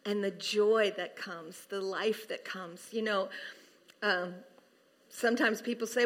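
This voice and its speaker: A middle-aged woman preaching a sermon, moving from soft, hushed passages to high, laughing bursts of excitement. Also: normal speed. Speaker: pastor's wife preaching.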